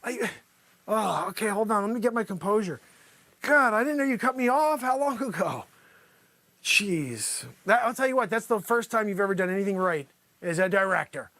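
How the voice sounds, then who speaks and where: Comedy host, male, unusually high and bright voice; rambles and teases in a mock newscaster delivery over faint music. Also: animated, normal speed, no room sound. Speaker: comedy news show host. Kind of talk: improvised mock news report.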